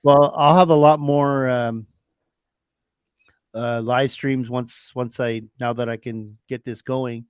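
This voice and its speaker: A man's voice: medium pitch, fairly even intonation, takes it slowly, clear, resonant tone, dry recording, lo-fi sound. Chatty Canadian man hosting a live stream. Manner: rambling, self-deprecating, laughs often. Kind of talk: casual live stream chat. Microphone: laptop mic.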